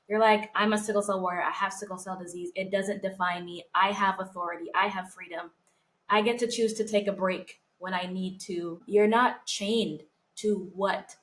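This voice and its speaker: A woman's voice: lowish voice, fairly bright tone. A young woman co-hosting a podcast, talking in an earnest, emotional way about faith and her own life. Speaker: podcast co-host. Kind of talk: heartfelt casual chat.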